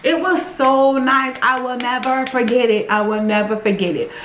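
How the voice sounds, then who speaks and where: Woman vlogger, lively storyteller, slightly high voice, roomy echo. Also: normal speed, slight background noise. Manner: animated, addresses viewers directly. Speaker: vlogger telling her own story. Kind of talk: casual storytelling to viewers. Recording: echoey room.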